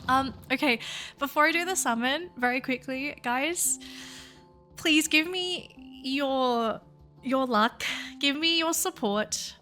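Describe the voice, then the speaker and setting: A woman hosting a game video, talking excitably and gushing to her viewers. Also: high-pitched, slow, faint music behind. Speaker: VTuber game video host.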